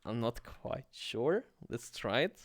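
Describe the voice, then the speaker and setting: A man teaching coding on a livestream in a relaxed way, thinking aloud and swearing casually. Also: mid-range voice, slow, dry recording, studio quality. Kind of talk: casual live coding tutorial.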